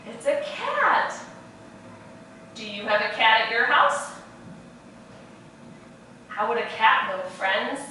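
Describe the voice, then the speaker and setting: A woman teaching preschoolers in a virtual class, speaking in a slow, sing-song, encouraging way. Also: a little high, pushed and bright, far from the mic, slight background noise. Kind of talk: virtual class for young children. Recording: echoey room, voice off-mic.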